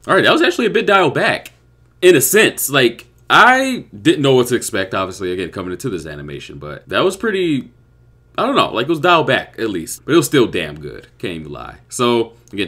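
A young man giving crude, excitable reaction commentary with loud outbursts. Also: lowish voice, fairly quick. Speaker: YouTube reactor.

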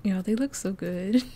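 Chatty, excitable woman narrating gameplay. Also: fairly high pitch. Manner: chatty, excitable, laughs often. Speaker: let's play host. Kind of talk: casual gameplay commentary.

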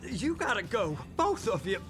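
Game role: a jittery, timid cousin, pitch bouncing high. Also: male voice, sing-song, normal speed. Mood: nervous. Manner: anxious, hesitant, placating. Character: nervous timid male pushover cousin. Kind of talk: video game voice acting. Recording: game audio under music.

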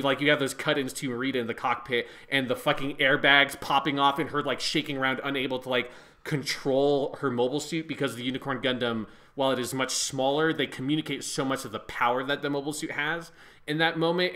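A man co-hosting a podcast in casual chat, talking excitedly, swearing often and filling his speech with "like". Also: mid-range voice. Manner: excited, swears a lot, fills with "like". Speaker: podcast co-host.

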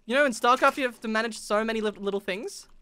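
A young Australian man chatting playfully while playing a game, excitable and teasing. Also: very high-pitched, fast talker, clear, resonant tone, dry recording. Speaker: streamer. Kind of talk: casual gaming chat.

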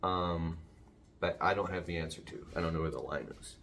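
A very low-voiced man talking into his phone at home, wandering from thought to thought. He restarts his sentences and drifts off topic. A faint hiss sits under the recording. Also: a little fast, a bit bright. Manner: rambling, jumps off topic, many restarts. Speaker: vlogger. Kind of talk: casual rambling vlog. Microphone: phone camera.

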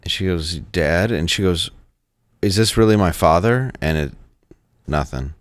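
A man telling a story in casual studio chat, halting and repeating words, quoting people as he goes. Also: sits low, animated, no room sound. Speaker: show regular telling a story.

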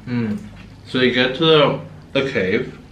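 A man's voice: medium pitch, expressive, measured pace, fairly bright tone, a little hiss or hum. A man co-hosting a vlog and telling a story casually. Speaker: co-host. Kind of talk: casual chat. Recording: echoey room, mic at a distance.

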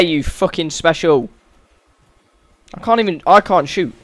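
Male let's-play host, slightly high voice, sweary and exasperated, dry close sound. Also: lively intonation, measured pace, fairly bright tone, dry recording. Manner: sweary, exasperated running commentary. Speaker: gaming channel host. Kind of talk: let's-play game commentary.

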